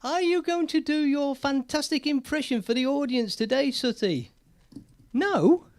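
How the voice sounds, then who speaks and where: A man putting on a sing-song, coaxing voice of a children's TV presenter, pitched high and loud. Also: expressive, unhurried, heavily acted. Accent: British.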